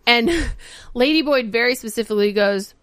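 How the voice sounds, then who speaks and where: A woman podcast host giving a casual, animated recap of a TV episode, acting out the characters' lines and swearing freely. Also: a little high, moderate pace, no echo, clean studio sound. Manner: animated storytelling, acts out quotes, swears freely.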